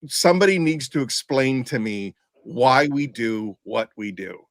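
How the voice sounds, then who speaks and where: Male podcast host, mid pitch, stubborn rambling storyteller, dry close mic. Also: animated, unhurried, no echo. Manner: rambling, stubborn ranting with many restarts. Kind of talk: casual storytelling.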